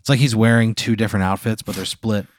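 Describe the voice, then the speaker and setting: He's talking fast now, his low voice keeping a steady tone as he rambles through a lengthy hypothetical laced with "like" and casual swearing. It's casual storytelling chat on a podcast, recorded clean in a studio without echo.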